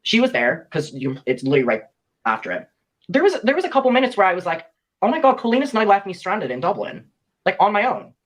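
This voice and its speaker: A man's voice: sits high, big pitch swings, quick pace. A young man recounting a personal story in a played clip, animatedly acting out the lines of the people he quotes.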